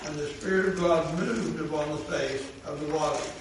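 A man reads scripture aloud at a Bible study in a measured, deliberate way. He sounds far from the mic in a very echoey room. Background noise is clearly heard. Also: a little high.

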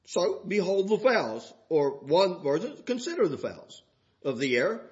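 An older man preaching a sermon in a folksy way, dropping to soft asides and rising to shouts. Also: high-pitched, very animated, a little slow, muffled recording.

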